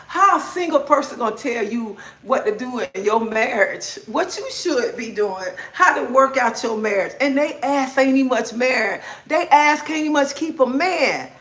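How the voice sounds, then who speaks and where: A woman's voice: sits high, expressive, normal speed, few pauses, a bit bright. A middle-aged woman hosting a livestream, ranting in a blunt, outspoken way and swearing freely. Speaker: livestream host. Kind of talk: casual livestream rant. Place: indoors at home. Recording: echoey room.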